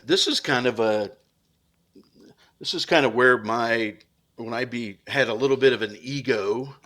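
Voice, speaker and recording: A man's voice: fairly low pitch, sharp tone. A man on a podcast as a police officer guest, talking earnestly and reflectively with many restarts. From United States. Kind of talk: casual interview talk.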